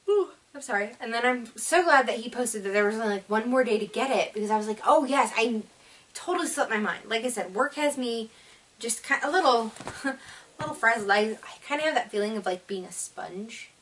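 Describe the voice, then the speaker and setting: A woman's voice: fairly high pitch, a little fast, a bit bright, distant mic. A woman hosting a casual knitting vlog, chatty and enthusiastic but tired and yawning, rambling with many fillers. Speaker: knitting podcast host.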